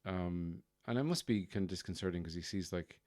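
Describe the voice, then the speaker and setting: Wry low-voiced podcast host. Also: male voice, a little fast, darkish tone, dry recording, studio quality. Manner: wry, self-deprecating, rambling. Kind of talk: casual comic monologue.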